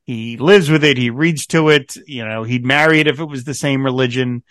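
A man's voice: medium pitch, brisk, dry recording. Chatty, laughing man with a dry sound. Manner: animated, laughing often, quoting characters. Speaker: podcast co-host. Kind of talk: casual chat recapping a TV episode.

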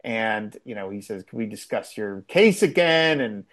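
A podcast co-host chatting casually about a TV episode, laughing often and acting out quoted lines. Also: male voice, on the low side, lively intonation, normal speed, fairly bright tone. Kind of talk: casual chat recapping a TV episode.

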